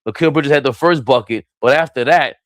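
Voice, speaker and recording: A man's voice: mid-range voice, a little fast, dry recording, clean studio sound. Hyped man calling a game from home. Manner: hyped, sing-song nicknames, excited outbursts. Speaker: live play-by-play streamer. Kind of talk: casual play-by-play commentary. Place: small room at home.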